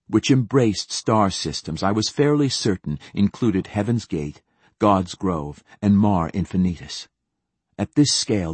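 A male audiobook narrator with a very deep, husky voice. He tells the story in the first person at a steady, even pace. The recording is dry and close-miked. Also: dry recording.

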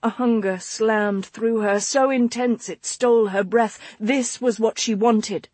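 A woman narrating a romance audiobook in a soft, slow, intimate read. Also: on the high side, fairly even intonation, no room sound.

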